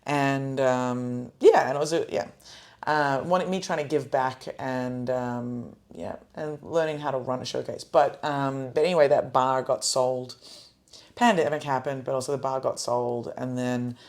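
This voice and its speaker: A young woman hosting a podcast, chatting casually about comedy shows with lots of fillers and restarts, in a smooth phone-style voice. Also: rumbling low, fairly even intonation, measured pace, a little mellow. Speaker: podcast host and comedy showcase producer. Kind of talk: casual chat.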